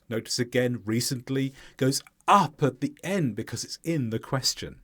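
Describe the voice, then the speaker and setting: A man teaching an English pronunciation lesson, clearly and deliberately modeling stressed words for learners to repeat. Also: mid-range voice, sing-song.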